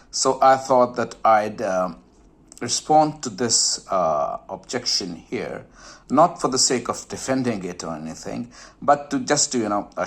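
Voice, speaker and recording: A man hosting his own channel, explaining a point of poetry in a reflective, hesitant way, with many fillers and restarts, and sometimes dropping to a soft, breathy tone. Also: medium pitch. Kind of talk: informal explanatory talk to camera.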